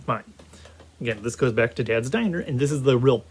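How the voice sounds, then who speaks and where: A man rambling through a casual video game review in a mid-pitched voice. He talks with lots of energy and often breaks off to restart a thought. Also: fairly quick, slight background noise. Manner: animated, rambling, many restarts.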